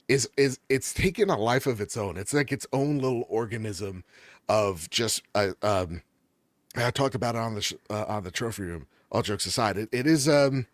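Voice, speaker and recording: A man in casual chat, enthusiastic and jokey, rambling from one point to the next. His voice sits at an ordinary middle pitch. The recording is dry and close, with no room echo. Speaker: gaming podcast co-host.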